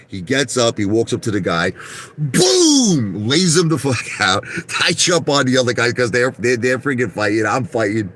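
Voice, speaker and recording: A man's voice: medium pitch, big pitch swings, moderate pace, a bit bright, a little hiss or hum. A middle-aged man from Brooklyn, telling rambling, boastful stories to his viewers from inside his car and repeating "listen to me" and "okay?". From Brooklyn, New York. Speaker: vlogger.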